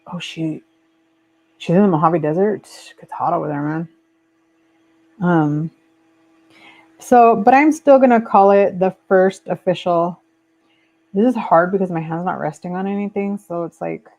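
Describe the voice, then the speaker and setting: A woman hosting a casual live stream, chatting lazily while she crafts and reads viewer comments aloud. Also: lowish voice. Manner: relaxed and lazy, trailing off with fillers. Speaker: livestream host. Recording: dull lo-fi stream audio.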